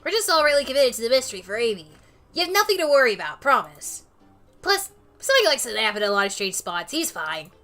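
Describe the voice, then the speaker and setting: A chipper young fox sidekick chats brightly and reassures his friend, as a woman reads his lines in a game. The tone stays bright and lightly raised. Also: fairly high pitch, very animated, fast, soft background music. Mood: reassuring.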